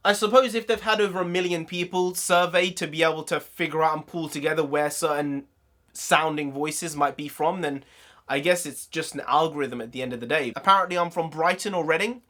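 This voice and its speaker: A man with a southern English accent, from the London area, hosting a casual reaction video with jokey, excitable commentary and frequent laughter. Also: fairly high pitch, brisk. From London area, England. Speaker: YouTube host.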